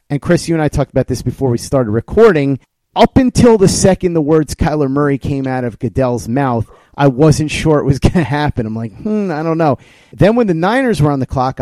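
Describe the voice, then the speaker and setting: A man hosting a podcast, telling a story in an excited, animated way to his co-host. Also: mid-range voice, no echo. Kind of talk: casual podcast chat.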